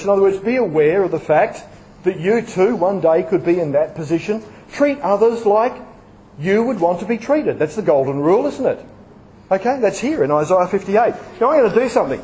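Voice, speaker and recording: Male preacher, high voice, lively sermon full of questions to the audience. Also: moderate pace, low-quality recording. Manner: lively, asks the audience questions and acts out examples.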